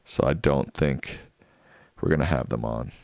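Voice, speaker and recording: An American man hosts a livestream after-show, casually reading viewer comments aloud and tossing off answers. His voice is extremely low and darkish, his pace measured, with no room sound.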